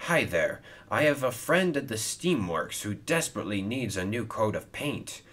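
A man's voice: on the low side, sing-song, moderate pace, fairly bright tone. A man voicing a kind, helpful male steam engine in a storybook reading, friendly and earnest.

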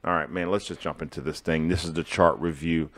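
A man's voice: very deep voice, fairly even intonation, brisk, fairly bright tone. An American man coaching food truck owners, presenting business tips over charts in an upbeat, motivational way and talking straight to his viewers.

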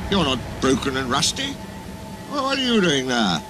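A man's voice: mid-range voice, wildly swooping pitch, moderate pace, pitched above the performer's own voice. A man voicing a kind, earnest male railway engine who speaks up for his friends. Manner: kind, earnest, indignant at times. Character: kindly male blue tank engine, earnest. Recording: music playing behind.

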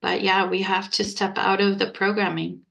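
A woman's voice: mid-range voice, flat delivery, moderate pace, creaky, fairly bright tone, rough recording. A woman relationship coach, a guest on a podcast, speaking earnestly and affirming her host. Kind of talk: podcast interview conversation.

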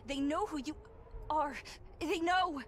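An actress playing a woman urgently warning her friend of danger in a horror game, tense and hushed. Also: high-pitched, slow pace, a little hiss or hum. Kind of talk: scripted game voice acting.

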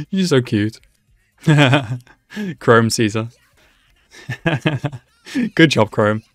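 Very slow with long pauses, his mid-range voice comes through without room sound, backed by soft music. He's an anime reaction host giving casual live commentary, often laughing and throwing excitable asides at the screen.

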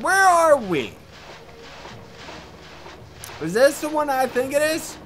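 A man doing let's play commentary, loud and excitable, often yelling at enemies. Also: extremely high pitch, unhurried, long pauses, faint music behind.

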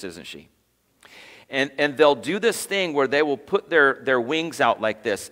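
A man's voice: mid-range voice, bright, forceful tone, in a large hall. A man preaching as pastor to his congregation in a conversational way, quizzing the room as he goes. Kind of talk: sermon. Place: church sanctuary.

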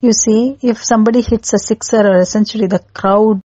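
A woman's voice: mid-range voice, fairly even intonation, brisk, mellow, no room sound, low-quality recording. A woman narrating an epic story in a chatty way, explaining scenes with everyday comparisons and acting out the crowd's cries. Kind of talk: casual storytelling narration for children.

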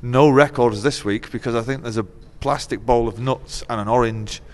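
A man's voice: medium pitch, steady tone, normal speed. A middle-aged man and musician, chatting as an interview guest, telling wry, laughing stories laced with swearing. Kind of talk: casual chat. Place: venue dressing room. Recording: long hall reverb.

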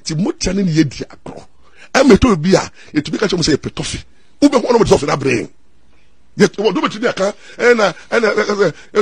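A middle-aged Ghanaian man and lawyer, telling stories in an excitable way, mixing Twi and English and repeating his words. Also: high voice, a little fast, breathy edge, no echo. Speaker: lawyer and commentator. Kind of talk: animated storytelling talk.

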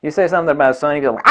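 Blunt man ranting with a swooping voice. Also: on the high side. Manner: blunt, profane, combative; repeats himself for emphasis. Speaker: camera gear reviewer. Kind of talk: ranting product review vlog.

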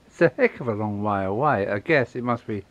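Outdoors by a road and an old wall, a middle-aged truck-driving vlogger rambles expressively to his camera, talking a little fast in a fairly low voice. The audio has no room sound and the highs are cut off.

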